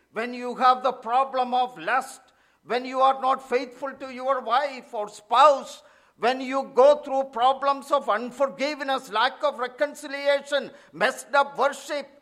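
A man preaching a sermon, slow and emphatic, rising louder when he quotes scripture. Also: extremely high pitch.

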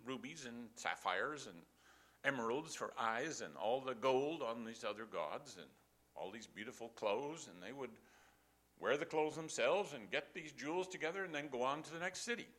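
Animated, bright-voiced older male preacher. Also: mid-range voice, normal speed. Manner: animated, emphatic storytelling with rhetorical questions. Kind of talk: sermon.

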